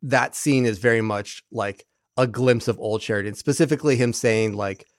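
A man co-hosting a podcast in casual chat, animated and profane, acting out lines from the episode. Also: mid-range voice, moderate pace, no room sound, clean studio sound. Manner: animated, profane, acts out quoted characters. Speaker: podcast co-host.

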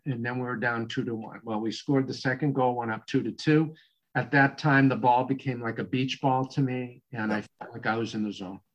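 An older man with a Boston accent tells a story in a relaxed interview, circling back with plenty of fillers and restarts. His voice sits in a middle register, and the audio sounds somewhat dull and muffled. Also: mid-range voice. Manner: rambling, with many fillers and restarts. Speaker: guest, lacrosse coach.

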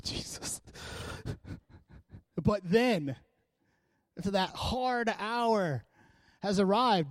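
A male pastor with a slightly high voice preaches a sermon, recorded with no echo. He's casual, joking and energetic, laughing often as he fervently urges his congregation on.

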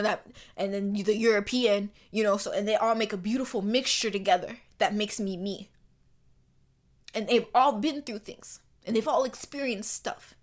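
A woman's voice: mid-range voice, fairly bright tone. A woman from the Caribbean hosting a podcast, speaking in an emphatic, passionate solo monologue and laughing often. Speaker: podcast host.

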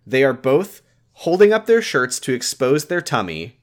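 A podcast co-host recapping a TV episode in easy, casual chat, with a pitch that rises and falls a great deal. Giggles often and drops dry little asides. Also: big pitch swings, normal speed. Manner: giggly, dry asides, keeps a running tally.

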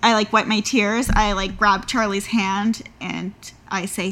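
A woman's voice: mid-range voice, fairly even intonation, unhurried, fairly bright tone. A woman playing a tabletop game, talking hesitantly with many fillers. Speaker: player. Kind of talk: casual tabletop play.

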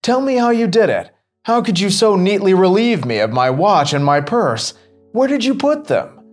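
A man's voice: high voice, very animated, normal speed, soft background music, voice pushed up. A man voicing a learned, prudent older priest who questions with courteous severity. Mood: coaxing. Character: learned older male priest, stern then indignant.

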